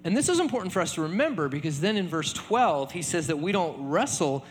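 A man preaching a sermon in a relaxed conversational way, often checking in with "right?". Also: on the high side, brisk, in a large hall, a little hiss or hum. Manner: conversational, many fillers and repeated tag questions. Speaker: pastor.

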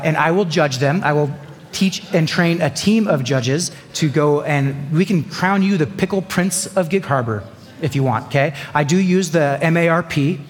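Male pastor, slightly high and husky, casual joking preacher in a reverberant church. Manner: conversational preaching with jokes and asides. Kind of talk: sermon. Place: church sanctuary.

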